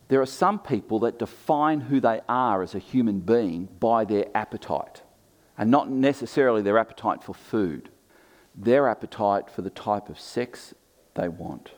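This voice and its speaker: A man's voice: fairly low pitch, darkish tone. A man preaching a sermon as pastor, emphatic and varied, with humorous asides to the congregation. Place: church.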